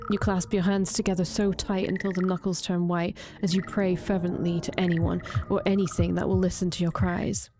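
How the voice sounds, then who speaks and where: A woman reading a horror visual novel aloud, drawing out the grisly parts slowly with brief reactions. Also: fairly low pitch, level tone, music in the background. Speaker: streamer reading a game aloud.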